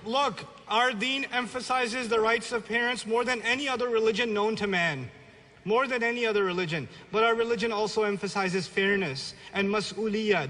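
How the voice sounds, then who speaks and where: A man's voice: high voice, pushed and bright. A man in his thirties from a Pakistani family raised in New York City, giving a blunt, humorous religious lecture. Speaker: Islamic lecturer. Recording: long reverb of a lecture hall.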